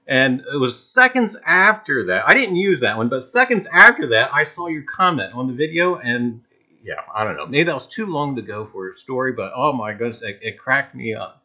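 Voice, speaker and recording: A man's voice: mid-range voice, big pitch swings, normal speed. A man with a New Jersey accent hosting a live stream, greeting chat viewers by name with lots of "uh"s. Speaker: livestream host. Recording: dull lo-fi stream audio.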